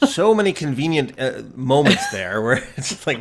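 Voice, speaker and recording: Joking male co-host, animated pitch, sarcastic. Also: moderate pace, background noise. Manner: sarcastic, joking, many restarts. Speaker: podcast co-host. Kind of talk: casual chat.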